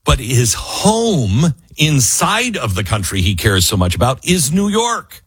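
A man's voice: mid-range voice, unhurried, husky, no room sound. A male radio talk show host, emphatic and opinionated, with a dry close studio sound. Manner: emphatic, animated, mocks others in put-on quotes.

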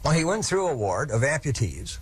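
A man's voice: medium pitch, sing-song, brisk, a little hiss or hum. A man telling a historical story in a folksy, vivid lecturing manner, with asides to his listeners.

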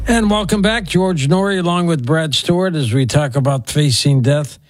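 A male radio host with a somewhat high voice leads a call-in show. He talks in a steady, conversational way, bringing in his guest and greeting callers. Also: normal speed, faint music behind. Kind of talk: late-night radio call-in talk.

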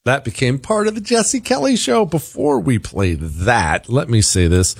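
Combative talk radio man, lively pitch. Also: measured pace, breathy edge, dry recording, studio quality. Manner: combative, rhetorical questions, emphatic. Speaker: radio talk show host. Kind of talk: opinionated talk radio monologue and host-read ad.

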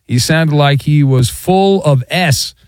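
A man's voice: on the high side, slow, no echo. A middle-aged man hosting a call-in talk show, reading listener messages and teasing callers sarcastically. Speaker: radio show host.

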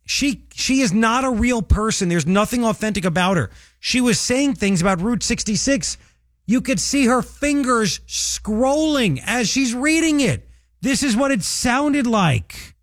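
Mocking talk radio host, lively high voice. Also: male voice, a little slow, dry recording, studio quality. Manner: mocking, sarcastic, laughing at his targets. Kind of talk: political talk radio commentary.

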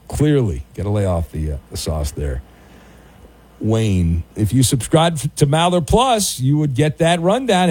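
A man's voice: mid-range voice, a little mellow. A man hosting a late-night sports radio show, teasing his co-host in a dry, mock-sympathetic way and reading listener messages. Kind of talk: casual talk radio. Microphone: studio microphone.

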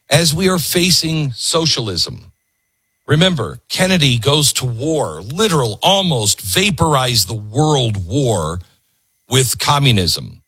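A man's voice: a little high, fairly bright tone, husky, no room sound. A man hosting a political talk radio show, ranting sarcastically. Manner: sarcastic, ranting, mocking voices.

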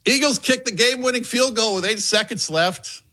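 A man's voice: extremely high pitch, moderate pace, bright, forceful tone. A man delivering topical sports jokes in a stand-up comedy style, laughing along at his own punchlines.

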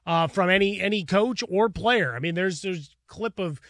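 A male sports talk co-host speaks in a casual, wry way with a fairly high voice. The recording is dry and close. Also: normal speed, fairly bright tone, dry recording.

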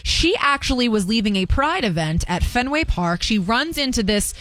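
A woman hosting a chatty interview, animated and quick to act out other people's lines. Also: fairly high pitch, no echo. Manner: animated, quotes people in quick put-on voices. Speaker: host.

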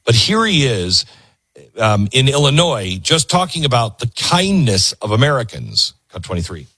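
A man's voice: medium pitch, very animated, moderate pace, bright, forceful tone, breathy edge, dry recording. A man hosting a show, commenting emphatically on video clips he plays. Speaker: host.

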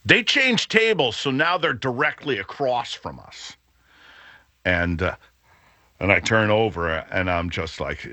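A middle-aged man hosting a radio show, telling a rambling story with many fillers and an animated, booming way of talking. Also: measured pace, dry recording. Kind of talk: storytelling chat.

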